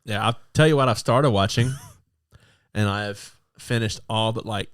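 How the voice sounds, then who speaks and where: A man co-hosting a podcast, chiming in with quick remarks and loud laughs. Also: on the low side, clear, resonant tone, no echo, clean studio sound. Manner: quick interjections, laughs loudly. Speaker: podcast co-host. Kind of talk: casual chat.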